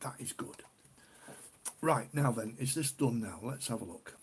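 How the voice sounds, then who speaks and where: A man's voice: medium pitch, expressive, measured pace, slight background noise. A middle-aged man from the UK hosting a casual beer live stream, chatty and rambling, often repeating himself. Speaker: beer livestream host.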